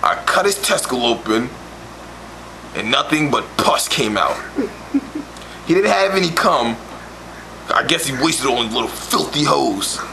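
Heard over a noisy amateur recording, this man's crude comedic monologue is full of boastful, swaggering street talk. His mid-range voice swings widely in pitch and has vocal fry, and as a storyteller he moves at a measured pace with frequent pauses.

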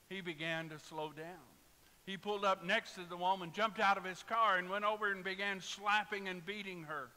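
A man's voice: sits high, bright, forceful tone. A man preaching a sermon as pastor, telling humorous stories and joking with his congregation. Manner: storytelling with jokes and asides to the congregation. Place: church sanctuary. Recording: reverberant church hall with faint hiss.

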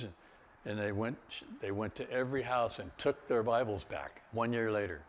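A man's voice: lowish voice, moderate pace. An older man, a guest speaker, telling travel stories in a loose, rambling way with chuckles and restarts. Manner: rambling, with laughs and many restarts. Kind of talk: storytelling talk.

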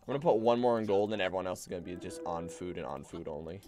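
A man's voice: sits low, racing, dark tone, faint music behind. A man streaming a strategy game, rambling casually and bossing his units around with the odd swear. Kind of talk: casual gameplay commentary.

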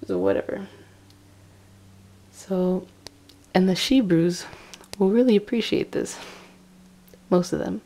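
A young woman vlogging, telling a rambling travel story in a chatty way, laughing often and filling pauses with "like" and "um". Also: medium pitch, creaky, mellow. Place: indoors in Austria.

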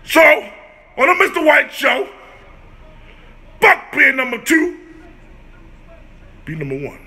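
A man's voice: very high voice, wildly swooping pitch, takes it slowly, vocal fry, bright, forceful tone. A man hosting his own comedic vlog, ranting in a brash, profane, boastful way. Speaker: host.

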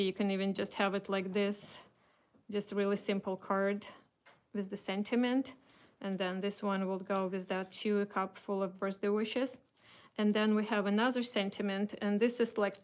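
Russian-accented lady showing off craft stuff, lots of ums, kinda flat tone. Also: medium pitch, moderate pace. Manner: chatty, many fillers and restarts. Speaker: craft company host. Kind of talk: casual product showcase.

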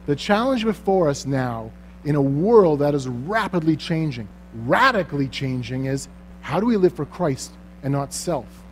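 A man's voice: medium pitch, darkish tone, a little hiss or hum. A man speaking earnestly at a Christian conference, pressing the audience with rhetorical questions and closing in prayer.

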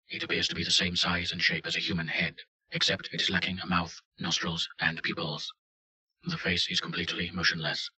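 A man giving deadpan scripted narration of a report. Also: low-pitched, low-quality recording.

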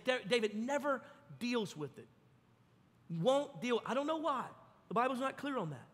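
A man preaching a sermon, telling the story with lively acted-out voices. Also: very high-pitched, big-room sound. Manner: animated storytelling, acts out voices. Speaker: pastor. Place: church.

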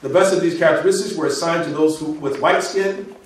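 A man's voice: a little high, far from the mic, slight background noise. Man reading aloud in an echoey room. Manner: measured reading with restarts and asides. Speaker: author reading from his book. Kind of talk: reading aloud from a book to an audience.

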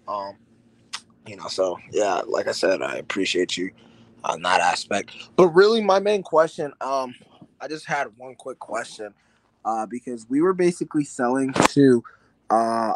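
A man calling in to a live stream, asking a question in a hesitant, soft-spoken way. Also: medium pitch, rough recording. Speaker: caller. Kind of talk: call-in question.

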